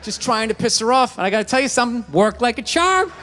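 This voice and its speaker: High, bright-voiced ranting comedian man. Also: animated, fast talker, a little hiss or hum. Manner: ranting, profane storytelling that builds to outbursts. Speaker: stand-up comedian. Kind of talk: stand-up comedy set. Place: comedy stage in front of a live audience.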